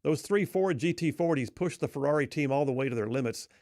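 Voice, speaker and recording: A man's voice: a little high, lively intonation, a little fast, darkish tone, no room sound, clean studio sound. A male talk radio host telling a story in a folksy, emphatic way.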